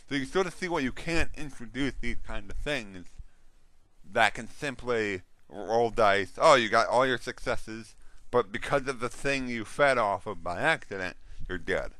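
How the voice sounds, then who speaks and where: A man's voice: mid-range voice, bright, forceful tone, no room sound. A man hosting a casual monologue on role-playing games, rambling with restarts and the odd yawn. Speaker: host.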